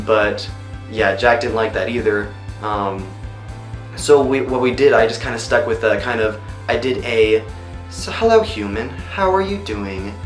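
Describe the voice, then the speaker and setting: A man who works as a voice actor chats loosely about his roles in a behind-the-scenes interview, often pausing on ums and you-knows. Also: mid-range voice, a bit bright. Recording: roomy room echo. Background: faint music.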